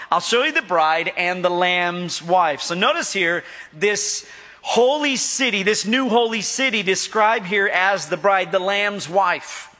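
Preaching in a reverberant hall, this middle-aged pastor speaks in a high, bright, forceful voice. He cracks jokes and draws responses out of his congregation.

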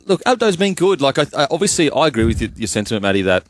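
A man's voice: medium pitch, very animated, very fast. A man co-hosting a sports radio show, talking casually with lots of fillers and restarts. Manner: hesitant, filler-heavy, laughs easily. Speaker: radio co-host.

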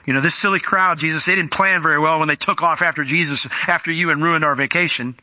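Bright-voiced animated preacher. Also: male voice, a little high, fast talker, dry recording. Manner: animated, conversational, acts out scenes. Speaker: pastor. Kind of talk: sermon.

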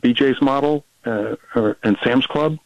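A man, a policy researcher, talking fast as a guest in a radio interview, with many restarts and fillers. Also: mid-range voice, no echo, dull audio.

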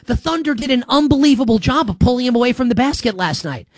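A man's voice: very high-pitched, animated, fast talker, dry recording. Sarcastic, emphatic male sports host. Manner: sarcastic, emphatic, rambling with restarts. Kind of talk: solo sports commentary monologue.

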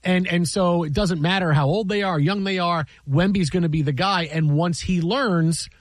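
A man's voice: high-pitched, moderate pace, dry recording. A man co-hosting a sports talk show, rambling and repeating words as he builds his points. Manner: rambling, repeats words when starting thoughts.

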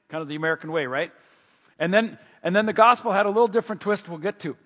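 A middle-aged man preaches with a high, husky voice, hammering his points home by repeating them. The sound is dull and carries a long hall reverb. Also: quick pace. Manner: animated, emphatic and repetitive. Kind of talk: sermon.

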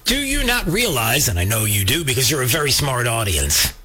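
A man's voice: medium pitch, wildly swooping pitch, fairly quick, pushed and bright. A man hosting a political talk radio show, emphatic and fired up, speaking straight to his co-host and his listeners. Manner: fired-up, emphatic, addresses co-host and audience directly. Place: radio studio.

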